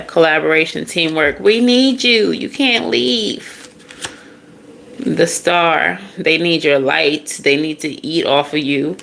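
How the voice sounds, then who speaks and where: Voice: mid-range voice, gravelly, fairly bright tone, a little hiss or hum. A tarot reader giving a casual, blunt, profane reading straight to the listener.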